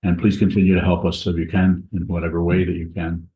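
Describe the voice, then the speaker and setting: A man with a very low voice gives a slow, halting Dharma talk, pausing often and circling back on his words. He speaks in a monastery meditation hall. The recording is echoey and a little dull. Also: flat delivery. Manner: slow, halting, many pauses and restarts. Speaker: Buddhist teacher.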